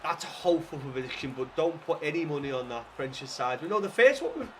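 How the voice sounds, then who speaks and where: A young man chatting casually to viewers while streaming a football video game, rambling and swearing with excited bursts. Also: a little high, a little fast, slight background noise. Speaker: gaming livestreamer. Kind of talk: casual livestream chat with viewers.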